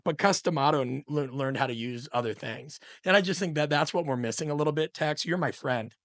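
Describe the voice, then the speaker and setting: A man's voice: a little high, fairly quick, a bit bright, no echo, studio quality. A middle-aged man speaking as a podcast guest, an opinionated coach talking in a passionate, emphatic, ranting way. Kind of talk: podcast conversation.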